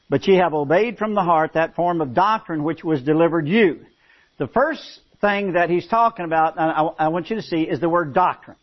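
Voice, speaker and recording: A man preaching a sermon to a congregation, telling stories with stammered restarts between lines. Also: a little high. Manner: animated storytelling with stammered restarts. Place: church with congregation. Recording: dull lo-fi recording.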